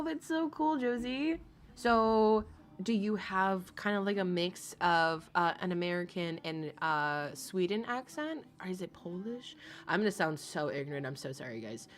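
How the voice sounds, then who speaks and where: A woman's voice: on the low side, a little hiss or hum. A woman streamer in casual livestream chat, bubbly and giggly, gushing over her viewers. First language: English.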